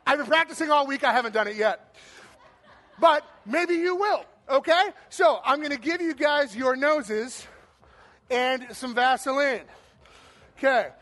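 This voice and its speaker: A man hosting a game on stage for a church audience, then speaking to them. He is energetic and playful, shouting cheers and countdowns and tossing in jokes. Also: very high-pitched. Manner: playful, joking asides. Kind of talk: live stage talk to an audience.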